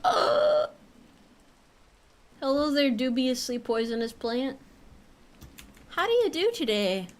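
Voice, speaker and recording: A young woman with a voice pitched a little high chats through a game stream. She keeps up a playful, teasing running commentary, tossing in casual swears. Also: expressive, slow pace, long pauses. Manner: playful, jokey, swears casually while playing.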